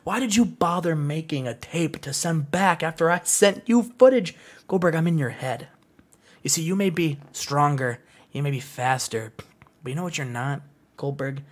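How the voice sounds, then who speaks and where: A man's voice: on the high side, normal speed, close to an everyday voice. A man voicing a smug, mocking male wrestler who taunts his rival in a sarcastic, sneering way.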